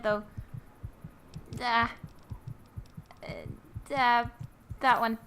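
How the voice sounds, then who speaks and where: Slow, bright-voiced woman gamer. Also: a little high, a little hiss or hum. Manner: giggly, self-mocking, flustered muttering to herself. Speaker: gamer playing and commenting. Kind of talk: casual let's-play commentary.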